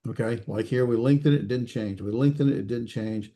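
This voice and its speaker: A man teaching a recorded class, explaining slowly with many fillers and restarts and checking in with his students. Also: mid-range voice, warm tone. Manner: checks in with students, self-correcting. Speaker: instructor.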